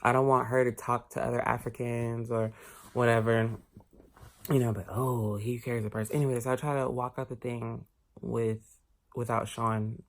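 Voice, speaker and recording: A man vlogging a casual storytime, candid and expressive, swearing casually as he talks. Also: mid-range voice, moderate pace, creaky.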